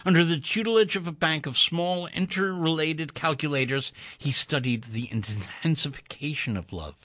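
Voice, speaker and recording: A man narrating a story in an expressive, wry, measured reading. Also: on the high side, no room sound, studio quality.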